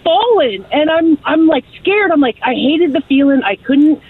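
A woman calls in and tells her story with chatty energy, acting out each line of dialogue as she goes. Her voice sits fairly high. It comes through a thin, tinny phone line. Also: normal speed, no room sound. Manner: lively, chatty storyteller who acts out quotes. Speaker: caller. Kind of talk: call-in storytelling. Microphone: telephone.

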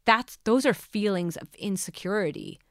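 A woman's voice: mid-range voice, normal speed, no room sound, clean studio sound. A woman hosting a podcast, giving earnest coaching on manifesting love and asking listeners many questions. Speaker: podcast host.

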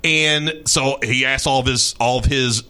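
A man hosting a talk radio show, telling a strange story in an animated, mocking way and often repeating his words. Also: mid-range voice, a little slow, clear, resonant tone. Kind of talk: casual storytelling chat.

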